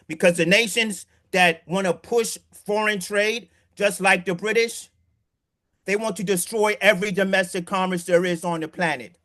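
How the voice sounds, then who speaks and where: A man's voice: sits high, steady tone, moderate pace, fairly bright tone. A man giving casual, emphatic commentary, repeating words as he restarts and asking rhetorical questions. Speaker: political commentator.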